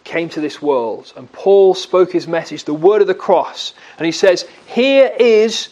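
In a muffled recording, a man with a mellow voice preaches at normal speed, earnest in tone, his pitch and volume swinging dramatically up and down.

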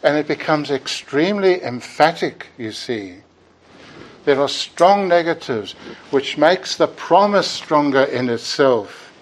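A man's voice: fairly high pitch, expressive, takes it slowly, poor audio. A man preaching a sermon in a church, earnest and emphatic, sometimes repeating words as he builds a point.

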